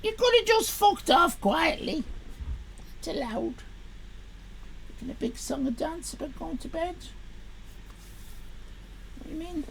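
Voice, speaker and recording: A woman's voice: very high voice, expressive, a little slow, vocal fry, long pauses, sharp tone, slight background noise, low-quality recording. Sweary sarcastic woman streamer. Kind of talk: live game stream with read-aloud text.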